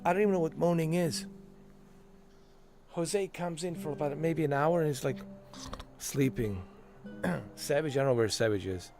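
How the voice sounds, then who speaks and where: A man's voice: a little high, moderate pace, long pauses, a little mellow, faint music behind. A man streaming a video game, chatting casually in a loose, joking way and laughing a lot. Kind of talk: casual gameplay commentary.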